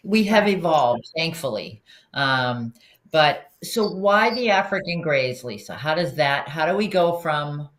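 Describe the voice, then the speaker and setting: Podcast host, casual chat, relaxed, restarts questions, mid-range pitch.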